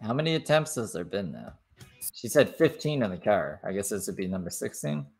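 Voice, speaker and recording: Sarcastic male commentator, lively pitch. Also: a little fast, creaky, breathy edge, soft background music. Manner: mocking, sarcastic interjections. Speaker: commentary host.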